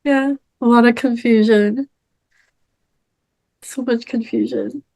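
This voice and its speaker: A woman's voice: on the high side, steady tone, slow, mellow, rough recording. A woman in a therapy session, hesitant and searching for words, laughing through tears. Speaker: client.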